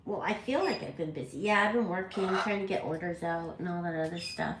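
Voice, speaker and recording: Hosting a parrot channel livestream from home, this woman chats casually with viewers, rambling and correcting herself as she goes. Her voice sits fairly low and moves fairly quickly. The rough recording has an echoey room and a little hiss or hum.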